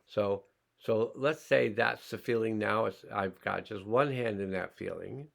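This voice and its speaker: Slow gravelly man guiding a healing class. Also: fairly low pitch. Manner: slow, calm, pausing, guiding listeners' awareness. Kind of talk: slow guided healing demonstration.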